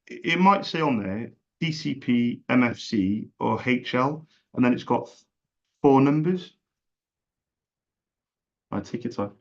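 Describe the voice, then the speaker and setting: A man's voice: medium pitch, lively intonation, measured pace, long pauses, muffled recording. Chatty, jokey salesman on a call. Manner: chatty, jokey and self-deprecating. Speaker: salesman making a cold call. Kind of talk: friendly sales phone call.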